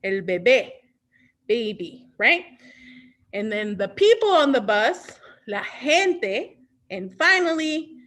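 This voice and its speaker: A woman's voice: on the high side, pushed and bright. A woman leading an online children's storytime as a librarian, talking in an upbeat, patient, teacher-like way and dropping in Spanish words. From Mexico.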